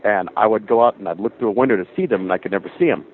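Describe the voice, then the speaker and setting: A man calling in to a radio show who rambles through his story in an animated way. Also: lowish voice, rapid-fire. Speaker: caller. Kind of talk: call-in storytelling. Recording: phone line with faint hiss.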